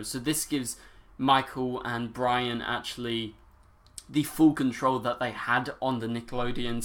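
Teenage guy, YouTube reaction vlogger, gushing, overexcited, mid-pitched voice. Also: a bit bright. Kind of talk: excited reaction vlog.

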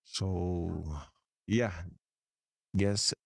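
Filtered very deep voice, gravelly, very slow, dry. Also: steady tone, a little mellow, no room sound, heavily acted. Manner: casual explaining. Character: very deep enhanced voice. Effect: voice enhancer, deepened.

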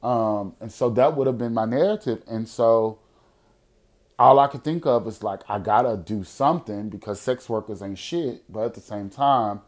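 A young adult man hosting a podcast, telling a personal story in a casual, profane way, at times lively and at times quiet and serious. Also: lowish voice. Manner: profane, animated storyteller who drops to quiet, serious tones. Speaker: podcast host.

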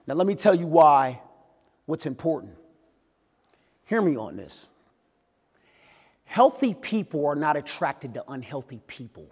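Animated man speaking in an echoey hall. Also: fairly high pitch, unhurried, pauses often, breathy edge. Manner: animated storytelling, acts out voices, swings loud and quiet. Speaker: keynote speaker. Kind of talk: motivational talk to a live audience.

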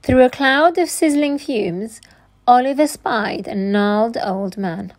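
A woman teacher reading a children's storybook aloud with slow, expressive narration. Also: fairly high pitch.

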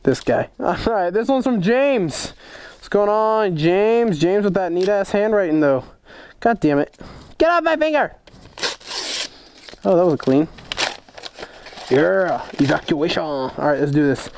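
A young man with a fairly high voice talks loosely and excitedly to his viewers. He swears freely, jokes around, and reacts loudly as he goes through his fan mail. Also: measured pace. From United States. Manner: excitable, swears a lot, jokey. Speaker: motorcycle vlogger opening fan mail. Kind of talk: casual vlog chat.

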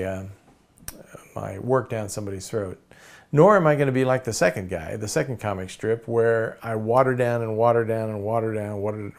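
Man teaching cartooning, rambling and casual. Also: medium pitch. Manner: relaxed, rambling, many fillers and restarts. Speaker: cartooning instructor. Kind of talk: casual course lecture.

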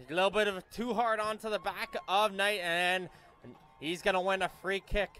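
A man giving live play-by-play commentary on a youth soccer match, brisk and correcting himself on names as play moves. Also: high-pitched, pushed and bright.

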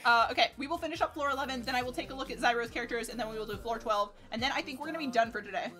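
High-voiced woman streamer, animated. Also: very fast. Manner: animated, exclaiming and cursing at the game. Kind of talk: casual gameplay commentary. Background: game music and sounds.

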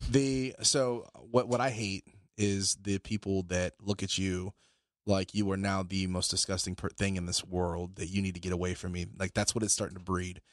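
A man co-hosting a podcast, telling rambling anecdotes in an animated, profane way. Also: deep voice, moderate pace, dry recording, clean studio sound. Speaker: podcast co-host. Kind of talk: casual storytelling chat.

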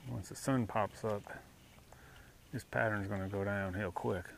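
A man's voice: lowish voice, steady tone, a little slow, gravelly. A man, chatting casually to the camera while fishing at a lake, sometimes dropping to a whisper. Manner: folksy, talks to camera, drops to whispers. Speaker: fishing vlogger. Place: outdoors at a lake by boat. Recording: noisy outdoor camera audio.

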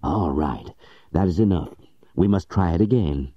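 A wild-eyed gentleman treasure hunter, put on by a man reading a storybook, barks orders in high, strained shouts. The recording is dry and close with a dulled, lo-fi edge. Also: expressive, moderate pace, no room sound. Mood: urgent. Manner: shouting, frantic.

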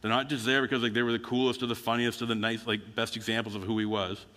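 In a church sanctuary, a man preaches as a pastor, relating stories conversationally and acting out the quotes. He speaks fast with a medium-pitched, bright, forceful voice that barely moves in pitch, and the hall adds a long reverb.

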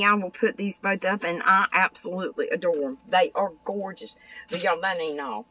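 Gushing older woman, husky. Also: fairly low pitch, moderate pace, bright, forceful tone, no room sound, distant mic, low-quality recording. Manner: gushing, chatty, exclaims over crafts. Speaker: craft vlogger. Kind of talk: casual show-and-tell vlog.

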